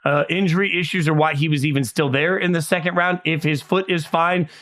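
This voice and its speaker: A man's voice: on the high side, fairly even intonation, fairly quick, a bit bright. A man co-hosting a casual sports podcast, giving blunt, emphatic opinions and asking himself rhetorical questions. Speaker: podcast co-host.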